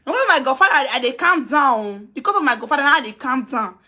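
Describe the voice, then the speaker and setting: A woman's voice: high voice, expressive, quick pace, bright, forceful tone. A woman speaking Nigerian Pidgin English, ranting on a live video, scolding and taunting someone and repeating herself. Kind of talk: heated live video rant.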